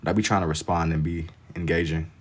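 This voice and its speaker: A man's voice: low voice, steady tone, fast talker. A man chatting casually on a livestream while he draws, reading out viewer comments in a laid-back, slangy way and laughing easily. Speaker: livestreamer drawing on stream.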